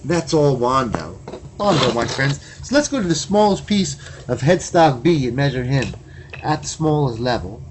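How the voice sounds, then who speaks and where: A laid-back man rambles through a casual video journal on an old guitar, steadily dropping "man" and "you know what I mean" as he goes. His voice sits at an ordinary middle pitch, and his talk is loose and unhurried. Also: very animated, slight background noise. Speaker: guitar collector and video host.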